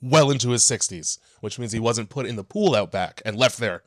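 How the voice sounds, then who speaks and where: A man's voice: mid-range voice, lively intonation, brisk, no echo, clean studio sound. A man co-hosting a casual horror movie podcast, wry and profane, laughing easily. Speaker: podcast co-host.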